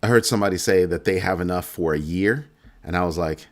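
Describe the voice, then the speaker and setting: A man's voice: deep voice, brisk. A middle-aged man hosting a finance channel, delivering a heated, sarcastic rant with strong emphasis. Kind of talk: ranting monologue.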